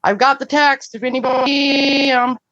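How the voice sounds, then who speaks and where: An upset woman with a fairly high voice calls in, talking bluntly and cursing before she apologizes. The line is dry and dull, with no room sound and narrow lo-fi audio. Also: steady tone, normal speed, a bit bright, dry recording. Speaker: caller on a livestream. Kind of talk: upset livestream call-in.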